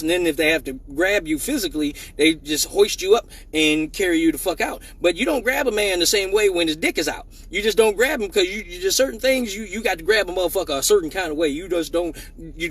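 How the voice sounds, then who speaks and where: A man hosting a live stream, telling a profane story in a lively way and acting out the voices of the people in it, with many restarts. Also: sits high, breathy edge, far from the mic. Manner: animated, acts out quoted voices with many restarts.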